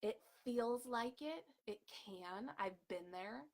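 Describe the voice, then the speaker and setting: A woman's voice: on the high side, lively intonation, takes it slowly. A woman health coach in a casual live coaching video, talking in a bubbly, chatty way with lots of fillers. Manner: bubbly, chatty, laughs often, many fillers.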